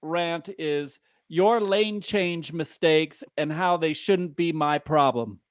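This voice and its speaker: A man's voice: a little high, takes it slowly. A man guesting on a casual podcast, griping in an exasperated, profane way.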